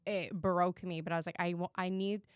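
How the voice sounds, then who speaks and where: A woman co-hosting a podcast who tells a personal story in casual chat, animated and candid and swearing freely. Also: on the low side, brisk, clean tone, no room sound, clean studio sound. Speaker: podcast co-host.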